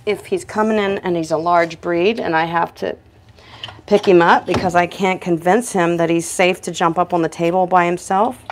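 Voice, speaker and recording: A woman's voice: lowish voice, normal speed, slight background noise. A woman who works as a professional dog groomer, giving a chatty grooming demonstration indoors in her shop and talking both to the dog and to viewers.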